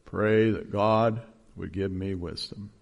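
A man mimicking an earnest young man who keeps asking for prayer, speaking slowly and low in a gravelly voice. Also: fairly even intonation, full character voice. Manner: slow, low, drawn-out delivery.

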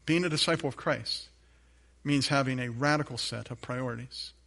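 A man's voice: medium pitch, normal speed, gravelly, fairly bright tone. A man preaching a sermon as pastor, emphatic, building on repeated phrases, with light humorous asides to his congregation.

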